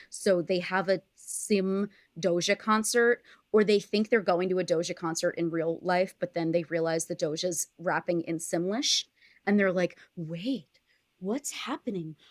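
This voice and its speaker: Podcast guest, woman, lowish voice, dry close sound, rambling riffs full of "like". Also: no echo. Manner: rambling, heavy use of "like", laughs often. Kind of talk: casual brainstorming chat.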